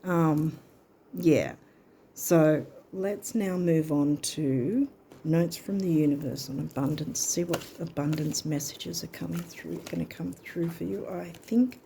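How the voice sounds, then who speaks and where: A woman's voice: low-pitched, slow, vocal fry, mellow, a little hiss or hum. A woman giving a casual astrology and card reading, chatty and thinking aloud with hesitations.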